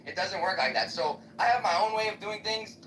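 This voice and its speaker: A man rants in a heated live debate, swearing freely and combative throughout. His delivery is quick and his tone bright and sharp. He sounds distant and echoey, as on a livestream. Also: high-pitched, a little hiss or hum. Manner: profane, combative ranting. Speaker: debater in a live app chat room.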